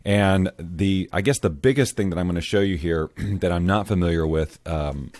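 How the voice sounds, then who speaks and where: Low-voiced man explaining software casually. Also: normal speed, no echo. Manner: relaxed, rambling explanations with fillers. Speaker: voiceover tutorial host. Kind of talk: casual screen-recorded software tutorial. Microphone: headphones on, studio-style mic.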